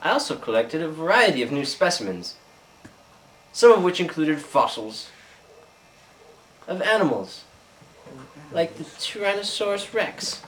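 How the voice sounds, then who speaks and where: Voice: mid-range voice, big pitch swings, measured pace, pauses often. A performer playing an earnest, rambling male Victorian naturalist in an amateur comedy skit, now and then slipping into a mock Australian twang. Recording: distant home video, faint hiss.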